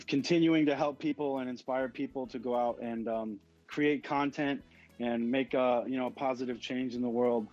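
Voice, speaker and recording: A man hosting a casual interview, warm and effusive in his thanks, easily moved. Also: medium pitch, highs cut off. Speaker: interviewer and club host. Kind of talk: casual interview over an audio chat app.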